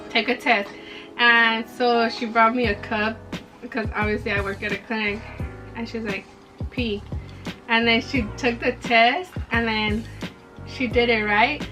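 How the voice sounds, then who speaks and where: Over background music, a young woman vlogger with a high, pushed, bright voice tells a personal story in a chatty way. She fills it with "like" and acts out the dialogue.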